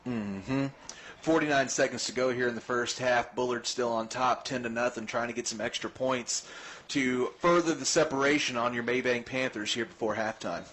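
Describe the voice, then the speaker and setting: A man doing easygoing color commentary for high school football radio, adding names and stats. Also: steady tone, normal speed, fairly bright tone.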